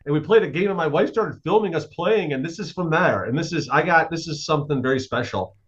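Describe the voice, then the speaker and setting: A man guest co-hosting a podcast in casual chat, telling stories excitedly with plenty of swearing. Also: on the high side, a little fast, muffled recording. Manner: excitable, swearing, lively storytelling. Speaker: guest co-host.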